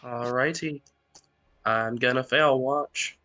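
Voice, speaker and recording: A man in a tabletop game explains rules plainly with a bright, forward voice. He sounds dry and close to the mic. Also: mid-range voice, fairly even intonation, slow, no room sound. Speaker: player. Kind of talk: playing a tabletop game over voice chat.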